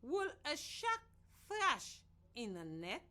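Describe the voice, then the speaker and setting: A woman from Sierra Leone teaching a children's reading lesson on the radio in a slow, clear, sing-song voice. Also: high-pitched, huge pitch swings, bright, forceful tone.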